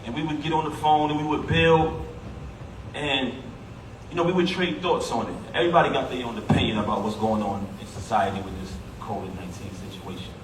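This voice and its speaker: A man's voice: medium pitch, fairly quick. A man giving a heartfelt eulogy at a funeral, speaking emphatically and conversationally, addressing the crowd directly. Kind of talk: heartfelt public eulogy speech. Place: funeral service hall. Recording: echoey hall, voice from a distance, background noise.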